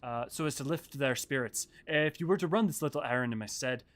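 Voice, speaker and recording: A man's voice: mid-range voice, a little fast, a bit bright, close to an everyday voice. A man voicing a friendly, chatty male security chief in a game, reading his lines in a folksy, helpful manner.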